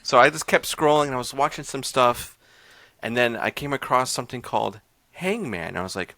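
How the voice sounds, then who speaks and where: A man's voice: mid-range voice, animated, brisk, sharp tone, no room sound. A man hosting a podcast, casually recapping a horror short film in a rambling, loose way full of fillers. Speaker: podcast host reviewing horror short films.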